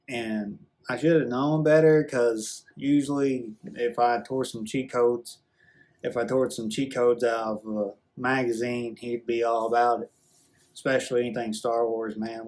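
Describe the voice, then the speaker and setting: Earnest rambling man telling a story. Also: medium pitch. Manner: halting, earnest, with many restarts and drawn-out fillers. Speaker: vlogger. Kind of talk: rambling confessional storytelling to camera.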